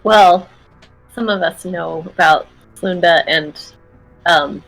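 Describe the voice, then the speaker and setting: A woman speaks slowly as a tabletop player, musing aloud with fillers. Her pitch sits mid-range, and faint music plays behind her. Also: creaky, a bit bright, poor audio. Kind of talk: casual tabletop play.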